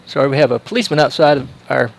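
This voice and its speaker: A man's voice: mid-range voice, animated, very fast, vocal fry, low-quality recording. A male sports livestream commentator making casual chat, telling a rambling story full of fillers and restarts.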